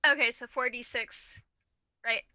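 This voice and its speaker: An eager, chatty woman rolling dice for her tabletop character, her voice high and very bright. She talks over a video call, and the sound is close and dry with no room around it. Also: steady tone, dry recording, muffled recording. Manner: eager, chatty, quick to laugh. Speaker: tabletop game player. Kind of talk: casual chat.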